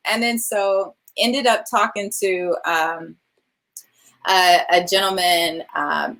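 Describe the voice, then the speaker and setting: A woman film director from California with a Californian accent, telling an animated story in a virtual interview and acting out what other people said. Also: on the low side. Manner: animated, laughs often, acts out quoted voices. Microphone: video call.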